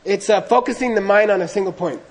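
A man's voice: high voice, fast talker, poor audio. A middle-aged man telling a humorous, self-deprecating story to an audience in a loose, anecdotal way, acting out the dialogue. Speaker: speaker recounting monastery training.

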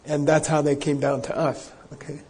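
A man giving a dharma talk, telling a story casually and wandering with plenty of fillers. His voice sits a bit high, mellow and slightly husky. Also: level tone, moderate pace. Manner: casual, rambling, many fillers. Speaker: Buddhist teacher.

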